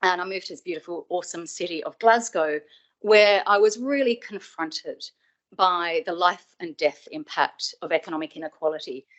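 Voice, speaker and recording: A woman's voice: fairly low pitch, moderate pace, fairly bright tone. A middle-aged woman from Australia giving a webinar talk, telling a personal story in a conversational, reflective way and stressing quoted remarks. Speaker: webinar speaker.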